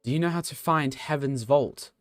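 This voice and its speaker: A man's voice: a little high, normal speed, no echo, studio quality, faint music behind, voice pushed up, lightly acted. A man reading the urgent, earnest lines of a stern woman scholar from a game aloud.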